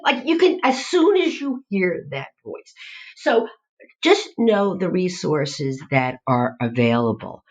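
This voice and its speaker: A middle-aged woman, a guest on a podcast, telling stories and acting out voices in an animated way. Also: lowish voice, measured pace. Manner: animated storyteller, acts out quoted voices. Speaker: guest, nutrition professor. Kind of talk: podcast interview. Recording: dull lo-fi audio.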